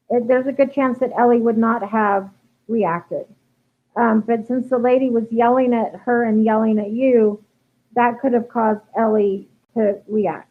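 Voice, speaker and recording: A fairly high-voiced woman dog trainer talks through viewer questions in a relaxed, chatty way, often pausing on an um and restarting her sentences. The sound is thin and tinny, as if it came through a phone line. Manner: chatty, many ums and restarts. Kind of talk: live Q&A, casual explanation. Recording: tinny phone-like livestream audio.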